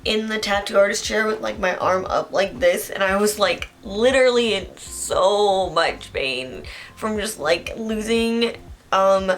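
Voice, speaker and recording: A woman's voice: medium pitch, a little slow, faint music behind. A young woman vlogging casually to camera, chatty and earnest, with lots of "um" and "like". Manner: chatty, earnest, many fillers like "um" and "like". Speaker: beauty vlogger.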